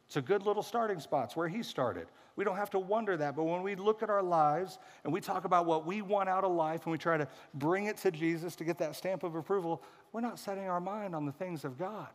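A man's voice: sits high, brisk, few pauses, in a large hall. A male pastor giving a casual, humorous sermon and acting out quoted voices. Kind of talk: conversational sermon.

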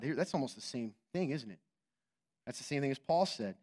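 A male pastor preaching a sermon in an animated, joking way, teasing his congregation and asking rhetorical questions. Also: medium pitch. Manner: quick, emphatic, asks rhetorical questions.

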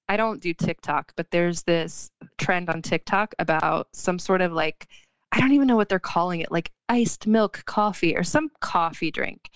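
A woman's voice: mid-range voice, smooth, no room sound, muffled recording. A young adult woman chatting casually as a podcast guest, filling her talk with "like" and laughing easily. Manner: chatty, heavy use of "like", quick to laugh. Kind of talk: casual chat.

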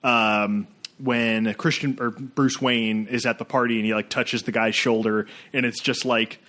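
A man's voice: mid-range voice, level tone, unhurried, sharp tone. A man in casual chat about films, rambling, swearing freely and now and then mimicking lines from movies.

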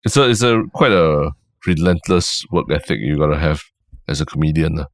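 A man's voice: extremely low pitch, expressive. A man with a Singaporean English accent hosting a casual podcast chat, often restarting and repeating words. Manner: halting, repeats words when starting. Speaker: podcast host.

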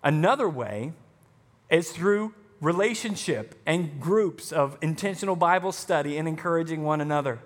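A man's voice: fairly high pitch, lively intonation, moderate pace. A man preaching a sermon as pastor, emphatic, with punchy rising lines. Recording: long hall reverb.

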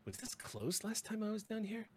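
A man's voice: sits high, sing-song, normal speed, breathy edge, pitched above the performer's own voice, full character voice. A man voicing a wary, foul-mouthed female station security chief in a tabletop game. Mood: fed-up.

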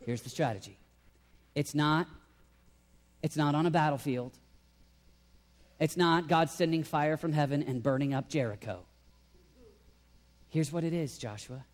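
A man preaching a sermon as pastor, talking in an animated way and swinging from loud emphasis to quiet intensity. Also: fairly high pitch, unhurried, pauses often. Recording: long hall reverb.

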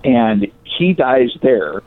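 Male storyteller, lively swooping delivery, slightly high voice, tinny phone-like dry sound. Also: drawn-out words. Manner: animated, acts out quoted voices. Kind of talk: casual storytelling of local history.

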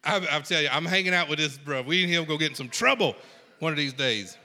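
A man preaching a sermon in a folksy, animated way, swinging from hushed lines to shouts. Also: a little high, normal speed, big-room sound. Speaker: pastor.

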